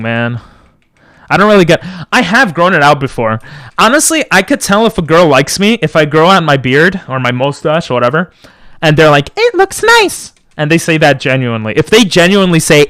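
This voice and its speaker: A young man streaming from home on a close boom mic, rambling and joking as he answers chat. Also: a bit bright, clean tone, no room sound. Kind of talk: casual live-stream chat. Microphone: boom mic close to the mouth.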